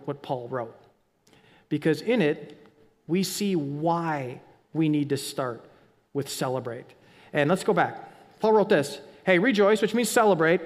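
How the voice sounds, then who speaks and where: A man preaches to his congregation, his voice sitting high for a man. He drops to near whispers and climbs back to loud, emphatic lines. A long reverb from the church hall trails his words. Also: lively intonation, normal speed. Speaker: pastor. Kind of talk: sermon.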